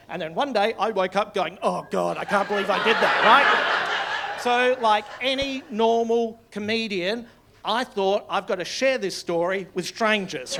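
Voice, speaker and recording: A man's voice: high voice, heavy background noise. An Australian man in his forties doing live stand-up, telling stories in a chatty way with frequent tag questions and swearing. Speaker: stand-up comedian. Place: comedy club stage.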